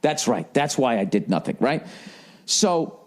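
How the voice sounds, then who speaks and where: A man's voice: medium pitch, sing-song, a little slow, a little mellow. A man streaming live, telling a rambling, profanity-laden story in casual chat. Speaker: livestreamer.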